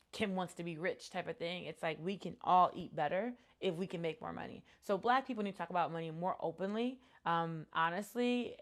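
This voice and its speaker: A woman in her thirties talks straight to camera about what she has learned running a business. Her delivery is earnest and reflective, loose and conversational, with frequent ums and restarts. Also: lowish voice. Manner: earnest, reflective, many fillers. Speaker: entrepreneur vlogger. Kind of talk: casual talk to camera.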